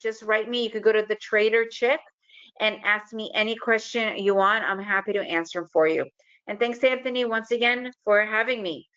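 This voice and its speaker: A woman's voice: medium pitch, fairly even intonation, normal speed, a bit bright, smooth. A woman wrapping up a webinar talk on a video call, friendly and upbeat. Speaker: guest presenter. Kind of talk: webinar presentation wrap-up. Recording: dull lo-fi online call audio.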